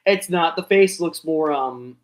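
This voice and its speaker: Here the young vlogger, voice a little high and pace a little slow, mutters and rambles through his live reaction to an awards show. He talks to himself and his audience casually, peppering in "bro" and "dude."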